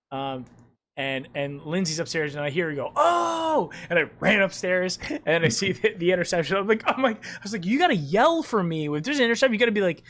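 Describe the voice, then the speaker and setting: A man hosting a casual post-game sports talk show, rambling and correcting himself as he tells stories. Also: high-pitched. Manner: rambling, self-correcting, animated storytelling. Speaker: podcast host.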